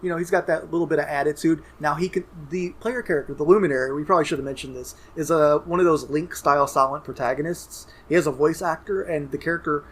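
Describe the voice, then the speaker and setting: Chatty higher-voiced podcast guy. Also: fairly even intonation, fast talker, few pauses, a bit bright, slightly rough. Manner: chatty, rambling with restarts. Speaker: podcast co-host. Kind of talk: casual gaming podcast chat.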